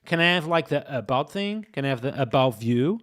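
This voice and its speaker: A man's voice: mid-range voice, lively intonation, a little fast, a bit bright. Guy live coding on stream, talking to chat nonstop, says stuff twice, voice jumps all over. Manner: thinks aloud, repeats phrases, addresses chat. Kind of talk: casual live-stream commentary.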